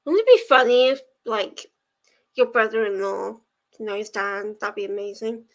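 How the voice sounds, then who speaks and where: A young woman runs a reading-sprint livestream, casually chatting and rambling while she replies to viewers' messages. Her voice is medium in pitch and her pace is measured.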